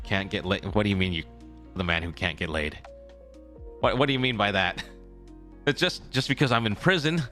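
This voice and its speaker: Young male streamer, lowish voice with a sharp, bright edge, rambling casual chat, faint music underneath. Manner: rambling, self-correcting, repeats phrases. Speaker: streamer in character as a traveling merchant.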